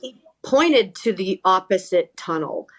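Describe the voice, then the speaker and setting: A middle-aged woman, a sideline reporter, telling stories in a podcast interview, animated and full of restarts. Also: medium pitch, a little slow. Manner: animated, self-correcting, lots of repeated starts. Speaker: sideline reporter and talent coach.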